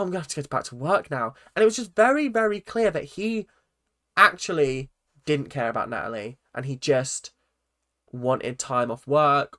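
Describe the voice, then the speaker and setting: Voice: mid-range voice, a bit bright, dry recording, clean studio sound. A vlogger ranting bluntly about a reality TV episode, emphatic and opinionated. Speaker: reaction vlogger.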